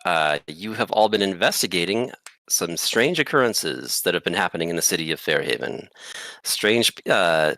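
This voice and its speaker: Deep guy game-mastering, lots of uhs, bright crisp tone, dry close sound. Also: no echo. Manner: rambling, many filler pauses. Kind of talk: narrating a tabletop game.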